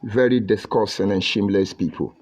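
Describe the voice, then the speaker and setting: A man's voice: fairly low pitch, fairly even intonation, brisk, darkish tone. A middle-aged man with a Nigerian English accent mixed with Pidgin, hosting a livestream where he reads viewer comments in a combative, mocking, preachy way. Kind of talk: live broadcast reading viewer comments.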